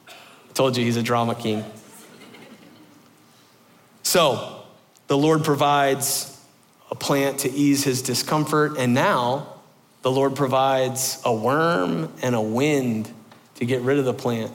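A man preaching a sermon in an animated, conversational way, stressing points by repeating them. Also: medium pitch, slow pace, long pauses, long reverb tail. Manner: animated, conversational, emphatic repetition.

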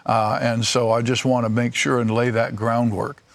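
A man leading a Bible study discussion, teaching in a measured way with frequent pauses. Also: medium pitch, little pitch movement, gravelly.

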